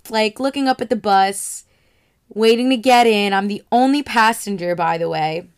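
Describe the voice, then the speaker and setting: A woman's voice: medium pitch, clean tone. A young woman telling a casual, profane story, acting out her own reactions as she goes.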